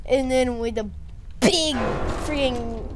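Woman, high voice, slow, rambling, self-correcting, game recap. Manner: excitable, self-correcting, mimics characters with shouts. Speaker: gameplay narrator. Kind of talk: rambling play-by-play of a game fight. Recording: noisy home recording.

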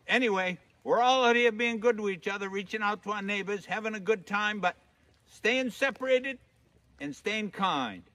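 High, bright-voiced Maine storyteller man. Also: no room sound. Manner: drawling, down-home, leans into voices for characters. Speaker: humorist storyteller. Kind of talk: folksy comic storytelling. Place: outdoors in snowy woods.

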